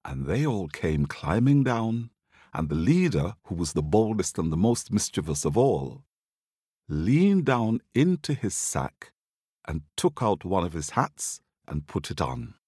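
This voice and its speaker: Animated man telling a folktale. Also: low-pitched, unhurried, slightly rough, no room sound, clean studio sound. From Antigua. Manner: animated, playful, acts out the action with his voice. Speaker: storyteller. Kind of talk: told folktale for children.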